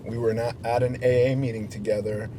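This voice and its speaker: A middle-aged man talking candidly and reflectively as a guest in casual chat, often halting and restarting. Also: mid-range voice, flat delivery, background noise.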